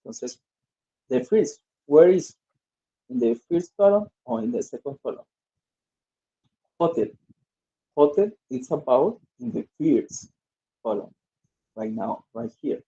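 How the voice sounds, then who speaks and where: A man's voice: on the high side, big pitch swings, unhurried, gravelly, pauses often, dark tone. A male English teacher, reading exercises aloud and drilling word stress in an online lesson. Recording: dull lo-fi audio.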